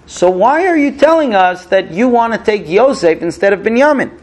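A man's voice: high voice, expressive, moderate pace, voice pushed up. A man voicing Shimon, a puzzled brother insistently questioning a ruler.

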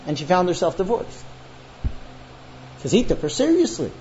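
A man's voice: on the high side, normal speed, a little hiss or hum. A man teaching a class on marriage, telling stories and acting out the voices of husbands and wives. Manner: animated storyteller acting out quoted voices. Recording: dull lo-fi recording with faint ambience.

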